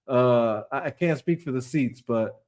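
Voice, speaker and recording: A man's voice: mid-range voice, measured pace, a little mellow. A man hosting a casual podcast chat over a video call, laughing often and joking around. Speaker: podcast host.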